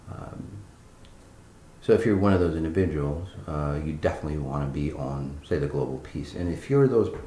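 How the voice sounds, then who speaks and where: A man's voice: very deep voice, warm tone, roomy sound, slight background noise. A man giving a spiritual meditation talk, blunt and profane, with many fillers and restarts between breathing cues. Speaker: spiritual teacher.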